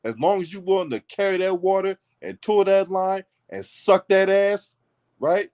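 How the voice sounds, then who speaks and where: Guy w/ a higher voice going off on a profane political rant, blunt and mocking. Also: normal speed, a little mellow, clear, resonant tone. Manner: blunt, mocking, swears constantly. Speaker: political commentary host. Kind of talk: profane heated commentary rant.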